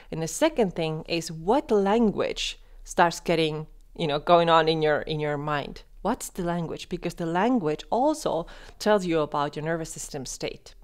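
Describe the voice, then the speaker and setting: A woman hosting a coaching podcast, speaking directly to the listener and shifting between quick animated talk and slow, soft, calm delivery. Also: fairly low pitch. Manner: addresses listener directly with questions. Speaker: podcast host and wellness coach.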